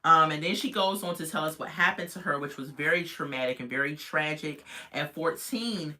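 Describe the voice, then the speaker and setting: Reviewer, casual recap, bright forceful voice, opinionated and animated with viewers. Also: normal speed. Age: adult parent. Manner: chatty, opinionated, talks straight to viewers; animated, jumps in pitch when reacting. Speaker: reality TV reviewer.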